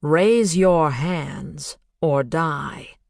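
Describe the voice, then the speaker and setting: A narrator putting on a synthesized male voice with a Boston accent that gives slow, taunting orders. It is in no hurry and stretches every command. It is an audiobook read, recorded close and dry. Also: medium pitch, creaky, a little mellow, no echo. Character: cold synthesized male voice, controlling captor.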